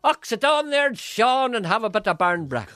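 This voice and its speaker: A man's voice: very animated, pushed and bright, dry recording, clean studio sound, exaggerated voice. A man voicing a fussing older Belfast mother who welcomes a visitor, with a Northern Irish accent. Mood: fussing, hospitable. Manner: rapid, high, fussing chatter.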